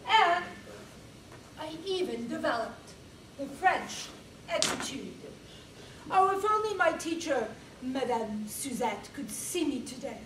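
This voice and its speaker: A woman giving a humorous contest speech, telling her story slowly and theatrically and acting out phrases in French. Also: high voice, expressive, far from the mic, noisy background. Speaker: contest speaker. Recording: roomy hall recorded from afar.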